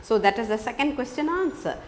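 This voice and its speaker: Lively woman teacher. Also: a little high, a little fast, slight background noise. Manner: repetitive, emphatic explaining. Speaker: English teacher. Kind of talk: classroom lesson explaining a poem.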